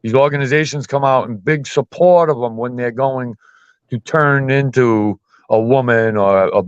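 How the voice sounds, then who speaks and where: A man's voice: medium pitch, moderate pace, clear, resonant tone, no room sound. Blunt, profane man in casual chat. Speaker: podcast host. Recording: dull muffled dry sound.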